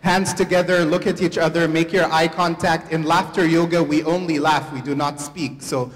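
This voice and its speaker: Before a live audience in a large hall, a man leads a laughter yoga workshop, playful, upbeat and coaxing the crowd through a handheld microphone. His voice is fairly high with fairly even intonation and a moderate pace. The hall is echoey, with faint crowd noise.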